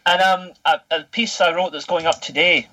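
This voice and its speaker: A Scottish man in his thirties talking on a casual podcast, his voice pitched a little high and very bright. He tells his stories in an animated, chatty way and swears without a second thought. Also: normal speed, low-quality recording. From Scotland. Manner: animated storytelling, swears freely. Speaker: podcast guest.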